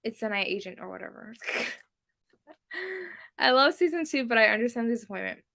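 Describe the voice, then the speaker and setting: A woman's voice: fairly high pitch, big pitch swings, moderate pace, vocal fry, fairly bright tone. A young woman whose first language is Spanish, chatting casually on a livestream, giggly and self-deprecating with lots of ums and likes. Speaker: booktube livestream host. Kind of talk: casual live-stream chat reading comments.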